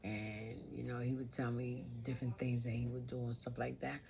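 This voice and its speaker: A woman's voice: rumbling low, little pitch movement, moderate pace, gravelly, mellow, slight background noise. A woman vlogger telling a personal story in an emotional monologue, earnest and informal, piling up repeated phrases.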